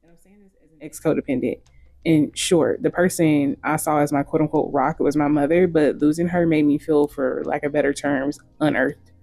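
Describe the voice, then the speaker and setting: A woman's voice: sits low, fairly even intonation, moderate pace, gravelly, warm tone, dry recording. A woman hosting opinionated commentary, speaking bluntly and frankly with casual profanity. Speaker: host.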